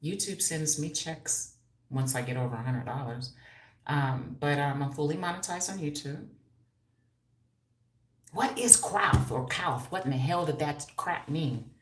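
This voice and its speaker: A woman's voice: sits low, a little slow. A woman of fifty hosting a casual livestream from home, brash and profane and laughing often as she reads viewer comments. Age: 50s. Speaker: hairstylist and livestream host. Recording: echoey room.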